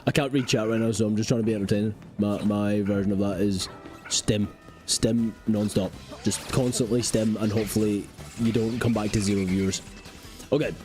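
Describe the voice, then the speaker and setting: A man's voice: lowish voice, fairly even intonation, fairly quick, a little mellow, faint music behind. A young adult man giving live gameplay commentary, rambling and joking as he talks to his chat. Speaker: game streamer.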